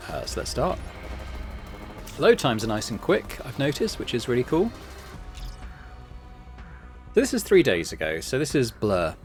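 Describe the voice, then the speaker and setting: A man's voice: on the low side, very animated, moderate pace, faint music behind. Chatty man narrating a strategy game. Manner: chatty, lots of fillers, explaining game systems. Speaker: gaming channel host. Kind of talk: casual let's-play commentary.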